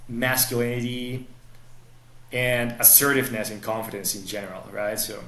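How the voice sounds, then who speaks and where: A man's voice: medium pitch, normal speed, a bit bright, roomy sound. A man explaining dating advice on a podcast in a coaching tone. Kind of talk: podcast conversation.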